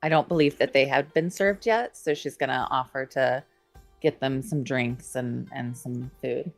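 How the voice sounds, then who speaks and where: A woman's voice: very deep voice, unhurried, faint music behind. A woman playing a tabletop game, describing her character and speaking as a flirtatious, hospitable server. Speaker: player.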